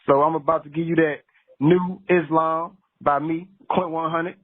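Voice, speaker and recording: A man's voice: fairly high pitch, fairly even intonation, moderate pace. A man hosting a radio talk show, speaking in a laid-back storytelling way and talking straight to his listeners. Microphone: phone call. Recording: tinny phone line.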